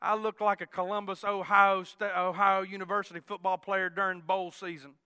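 A man preaching a sermon in a folksy, animated storytelling manner. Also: high-pitched, moderate pace, smooth, dry recording, clean studio sound.

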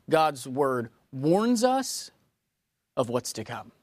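A woman preaching a sermon, emphatic and swinging from raised to hushed, asking the congregation questions. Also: very deep voice, sing-song, takes it slowly, dry recording.

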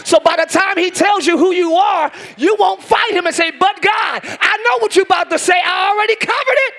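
A hoarse man preaching a shouted sermon as pastor, hollering in rhythmic repeated phrases and calling out to the congregation, recorded live in a large church. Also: very high voice, brisk. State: hoarse from screaming. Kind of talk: shouted Pentecostal-style sermon. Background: church band music.

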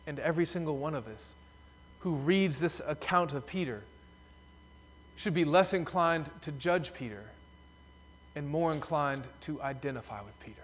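A man's voice: on the high side, expressive, moderate pace, faint music behind. Emphatic preacher man in a reverberant church. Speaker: pastor. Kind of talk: sermon. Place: church sanctuary. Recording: long reverb of a church hall.

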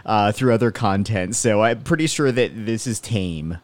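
A man co-hosting a podcast, chatting casually and reasoning his points through in a measured way. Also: fairly low pitch. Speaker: podcast co-host. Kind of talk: casual chat.

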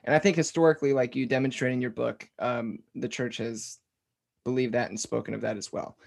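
A man hosting a casual interview, relaxed, summarizing the guest's ideas back with filler words. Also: mid-range voice, a little fast, creaky. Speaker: podcast host.

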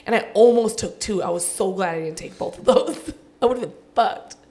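A woman's voice: mid-range voice, normal speed, mellow. A woman from California, casually telling a raunchy story with lots of swearing and laughter. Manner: loose storytelling, heavy swearing, laughs often. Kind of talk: casual chat.

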